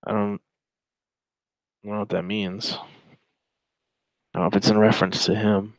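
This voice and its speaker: Man, twenties, low voice, rambling sarcastic commentary, dry close sound. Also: little pitch movement, moderate pace, no room sound, low-quality recording. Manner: rambling, chatty, sarcastic asides. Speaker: commentator reading a chat log. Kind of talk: casual reaction commentary.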